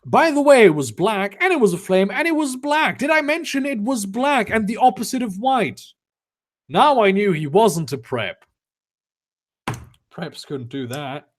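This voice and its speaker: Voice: mid-range voice, big pitch swings, unhurried, a little hiss or hum. A comedic reader doing a dramatic reading with sarcastic, exasperated commentary, swearing often.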